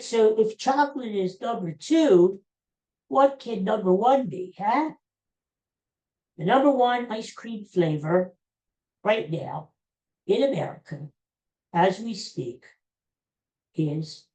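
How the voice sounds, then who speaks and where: A woman's voice: medium pitch, mellow. An older woman hosting a podcast, chatting in a rambling way and repeating herself. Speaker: podcast host. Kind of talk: casual chat.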